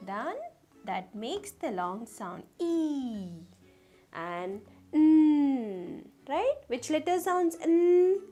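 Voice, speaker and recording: A woman's voice: high voice, dark tone. A woman teaching a phonics lesson to young children. She sounds out letters one at a time and keeps asking the children questions. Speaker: kindergarten teacher.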